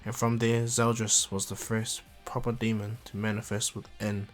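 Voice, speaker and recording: Rambling low-voiced man retelling fan fiction. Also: flat delivery, normal speed, soft background music. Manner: rambling, self-correcting. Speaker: fan storyteller.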